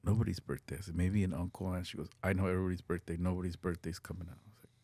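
Deep gravelly man telling a story. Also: little pitch movement, rapid-fire, mellow, no echo. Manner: earnest storyteller, mixes Spanish phrases, swears casually. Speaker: podcast guest. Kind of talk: storytelling in casual chat.

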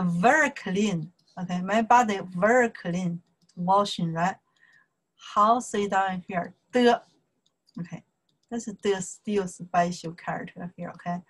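Slow, husky Chinese-accented woman teaching. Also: mid-range voice, rough recording. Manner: halting, with many fillers, repeating each syllable with its tone. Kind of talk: casual online language lesson.

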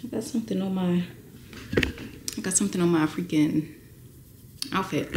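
A woman vlogging to camera, talking slowly and hesitantly with heavy sighs, emotional and near tears. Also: on the low side, heavy background noise. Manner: slow, heavy, sighing and hesitant. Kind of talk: personal vlog confession.

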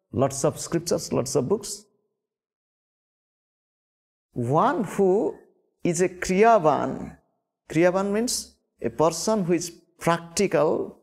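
A man's voice: sits high, darkish tone. A middle-aged man from India with an Indian accent giving a spiritual sermon, often repeating words and asking the listeners questions. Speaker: spiritual teacher.

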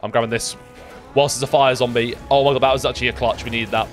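A young man calls out his gameplay, excitable and swearing under his breath as things go wrong. His voice sits in a middle pitch and he keeps talking to himself. Faint game music plays underneath. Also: quick pace. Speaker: gaming YouTuber. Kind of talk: live gameplay commentary.

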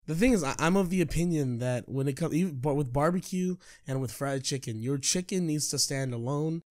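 A man's voice: fairly high pitch, fairly quick, darkish tone. Young man, laughing podcast co-host. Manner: storytelling, laughs often. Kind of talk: casual chat.

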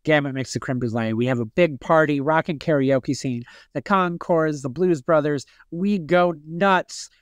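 A man from Michigan co-hosting a podcast who rambles through a playful story. His voice sits a bit high and sounds clean and smooth. The room is dry. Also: normal speed, few pauses, no echo. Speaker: podcast co-host. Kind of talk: casual chat.

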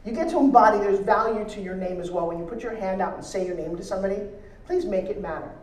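An energetic woman speaker teases and rallies a live seminar audience, mixing jokes with advice. Her voice sits at a middle pitch and carries the roomy echo of a large hall. It sounds picked up from a distance, with faint noise underneath. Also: quick pace. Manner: energetic, joking, audience-engaging. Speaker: motivational speaker teaching pitching. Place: large event hall on stage.

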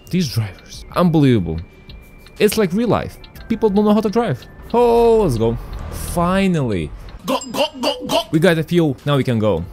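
A man giving casual, excitable commentary as a gaming streamer. He chats to his viewers and shouts at traffic. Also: on the high side, normal speed, faint music behind.

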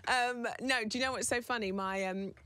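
A British woman in her thirties chatting as a radio guest, telling stories in an animated way with voiced quotes. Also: a little high, normal speed, dry recording. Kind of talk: radio studio interview. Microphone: studio microphone.

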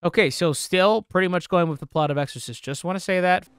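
A man streaming a horror game live, talking to chat with lots of swearing, joking asides and sudden yelled outbursts at what happens on screen. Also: sits high, fast talker, smooth, no room sound. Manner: profane, joking, bursts into loud yelps and shouting at the game. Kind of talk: live gameplay commentary.

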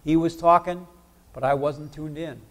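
Male preacher, church sermon, conversational, asks the congregation questions, voice sits a bit high. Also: steady tone, moderate pace.

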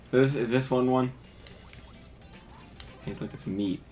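A man hosting a let's play video and playing the game, laid-back, reacting with quick exclamations and casual swearing. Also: mid-range voice, darkish tone, soft background music. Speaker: let's play host and player. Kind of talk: casual gaming chat.

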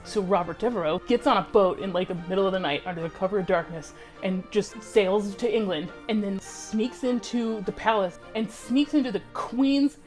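A woman telling a comic history story in an animated, slangy, exaggerated way. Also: medium pitch, normal speed, few pauses, soft background music.

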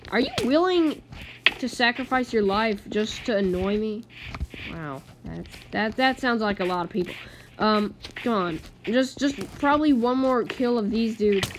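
Woman, gaming host, casual commentary, lively pitch, noisy recording. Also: measured pace. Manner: chatty, exasperated, talks to game mobs.

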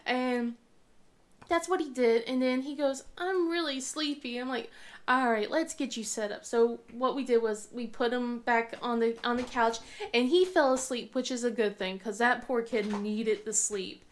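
A young woman talks casually to her camera from the couch at home. She rambles, restarts her sentences and laughs a lot, in a fairly high voice. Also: steady tone, normal speed. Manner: acts out her young son's lines in a high voice. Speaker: crafting vlogger.

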